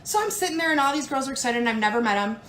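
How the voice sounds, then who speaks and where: A woman jewelry consultant telling a story in a casual, animated way, acting out the people she quotes. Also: sits high, rapid-fire, roomy sound. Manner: animated, dramatic retelling with put-on quoted voices.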